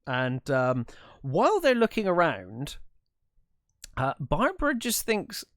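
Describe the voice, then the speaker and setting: Guy on a movie podcast going through the plot, bit high voice, dry close sound, lots of ums. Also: slow pace, no room sound. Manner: relaxed, lots of ums and restarts while retelling scenes. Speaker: podcast co-host. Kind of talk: casual film chat.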